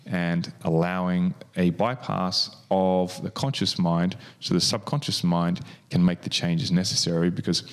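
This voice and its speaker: A man's voice: low-pitched, fairly even intonation, measured pace, hardly any pauses. A man, co-hosting a podcast and explaining hypnosis in loose, rambling chat full of fillers. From Australia. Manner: rambling, many fillers and restarts.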